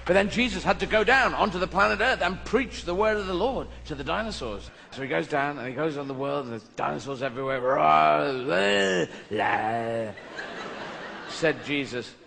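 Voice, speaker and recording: A man's voice: on the high side, quick pace, gravelly, few pauses. Rambling comedian man in a big echoing hall. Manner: rambling, playful, mock-pompous asides. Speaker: stand-up comedian. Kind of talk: stand-up comedy routine. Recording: live show in a big reverberant hall, noisy.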